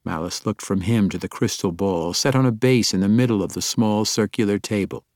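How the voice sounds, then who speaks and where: A man narrating a fantasy audiobook in a measured, even storytelling manner. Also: fairly low pitch, no room sound, clean studio sound.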